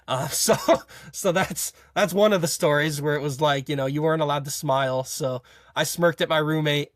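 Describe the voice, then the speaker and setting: A young college football player telling a story in a casual interview, rambling with frequent fillers and restarts. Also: male voice, mid-range voice, no echo, clean studio sound. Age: young adult.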